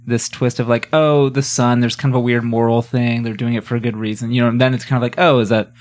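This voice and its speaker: A man's voice: medium pitch, flat delivery, fast, a little mellow. A man on a casual podcast panel who rambles through his argument. He gives his take in a sardonic way.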